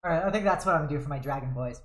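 A woman live-streaming a game, chatting with viewers and reacting loudly, with frequent giggles and swearing when under fire. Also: low-pitched, racing. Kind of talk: live gameplay commentary. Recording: roomy echo.

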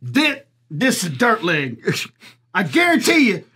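A man puts on a crude redneck with a thick drawl, blunt and loud-mouthed, cackling at his own jokes. The voice sits very high and swings widely. It sounds bright and husky. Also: huge pitch swings, takes it slowly, heavily acted. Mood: crude ranting. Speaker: comic commentator persona. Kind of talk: improvised comedy character.

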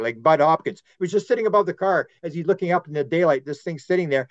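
A man talking as a podcast guest, rambling and animated as he tells stories and acts out quotes. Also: a little high, rapid-fire, few pauses, no room sound, muffled recording. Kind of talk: podcast conversation.

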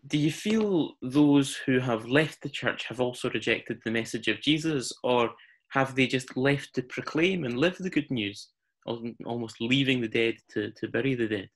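A man's voice: medium pitch, normal speed, fairly bright tone. Man moderating, reading out questions. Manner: reads questions from the chat. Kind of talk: chairing an online discussion.

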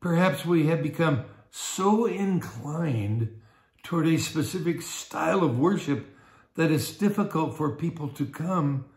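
A man's voice: fairly high pitch, lively intonation, unhurried, a little mellow, reverberant. An older man, a pastor teaching a Bible study in a conversational way, often repeating words and acting out small everyday scenes.

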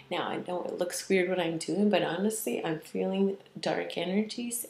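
A woman with a low voice talks earnestly as a spiritual healer, rambling and drifting in and out of soft half-whispers. Her voice rings a little in an echoey room, with a faint hum of ambience behind her. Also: vocal fry. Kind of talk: casual spiritual vlog talk.

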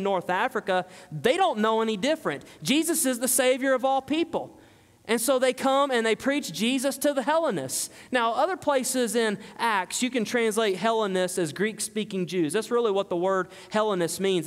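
A man's voice: sits high, in a large hall. A man preaching an expository sermon as pastor, explaining plainly and repeating phrases for emphasis.

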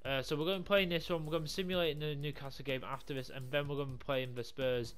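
A young man commentating his football video game career mode, swearing a lot, yelling when things go wrong and talking things through quietly in between. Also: fairly high pitch, rapid-fire, soft background music. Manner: swears a lot, yells in frustration, mutters calmly between games. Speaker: gaming YouTuber. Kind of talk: live gameplay commentary.

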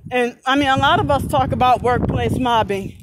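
A woman's voice: high-pitched, moderate pace. A woman in a frustrated personal rant, angry and swearing, out of breath, with many filler words. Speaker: vlogger. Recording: clear background noise.

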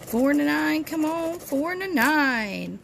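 A high, bright woman's voice with plenty of swing in the pitch, talking in a chatty, cheerful way to her viewers. She hosts a lottery scratch-off channel from home and keeps cheering each ticket on. A faint hum sits behind her. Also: expressive, unhurried, vocal fry. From Texas. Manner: chatty and cheerful, chanting encouragement to herself. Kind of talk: casual chat to viewers while scratching tickets. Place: at home, with dogs nearby.

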